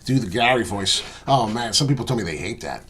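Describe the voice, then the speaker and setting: A man hosting a crypto trading channel, giving casual chart commentary in a boastful, rambling, animated way. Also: fairly low pitch, a little fast, husky.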